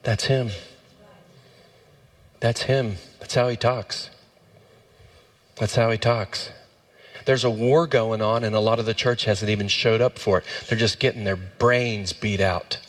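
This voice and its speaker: Impassioned male preacher, slow delivery. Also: fairly even intonation. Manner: impassioned, swings up in pitch for emphasis. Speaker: pastor. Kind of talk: sermon.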